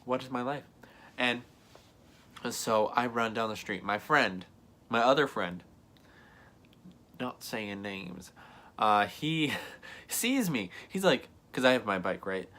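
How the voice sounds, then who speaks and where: A young man telling a story in a vlog, animated, often acting out other people's lines and filling his talk with "like". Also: on the low side, slow, pauses often. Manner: frequent "like" fillers, laughs between lines. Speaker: vlogger.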